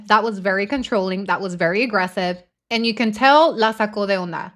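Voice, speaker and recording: A woman's voice: medium pitch, brisk, hardly any pauses, a bit bright. A woman hosting a live show, giving blunt, emphatic commentary on a recorded phone call, with casual swearing. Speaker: host.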